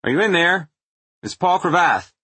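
A polite, uneasy male visitor who calls out into the darkness, as a narrator puts him on. The voice is pitched higher than the narration and sounds husky and dry. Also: animated, moderate pace, fairly bright tone, dry recording. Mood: calling. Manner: polite, uncertain calling out. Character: hesitant male visitor calling into the dark.

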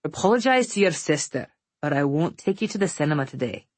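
A woman voicing an easygoing father talking to his young daughters, relaxed but able to be firm. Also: low-pitched, a little fast, dry recording. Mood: fatherly. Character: easygoing family dad, gentle but firm.

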